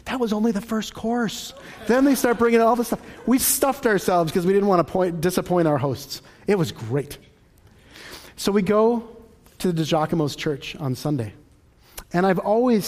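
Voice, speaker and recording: A man leads a church teaching session like a relaxed storyteller. His voice sits a little high for a man, and he slips into the people in his anecdotes as he talks them through. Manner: lively storyteller who acts out dialogue, conversational. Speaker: Christian teacher. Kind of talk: sermon-style teaching with personal stories.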